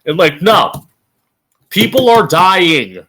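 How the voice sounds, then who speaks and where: A man's voice: high voice, big pitch swings, pushed and bright, slightly rough. A man hosting his own stream show, delivering a blunt, profane and sarcastic political rant, drawing out words for emphasis. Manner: emphatic, drawn-out stress on key words. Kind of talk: ranting political commentary.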